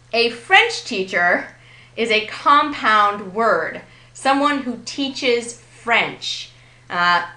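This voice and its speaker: A woman's voice: medium pitch, bright, forceful tone, echoey room, poor audio. A woman giving a recorded grammar lesson, explaining step by step and checking in with her listeners. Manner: explanatory, checks in with "right?" and "okay?". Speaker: grammar teacher.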